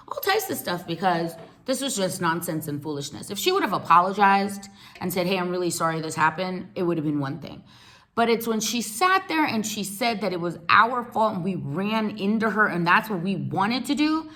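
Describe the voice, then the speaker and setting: A woman in her thirties, from the United States, talks straight to her viewers in a lively storytime manner. She swings her voice around to act out everyone in the tale and keeps calling her audience "y'all.". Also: lowish voice, a little fast. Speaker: vlogger. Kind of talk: animated storytime.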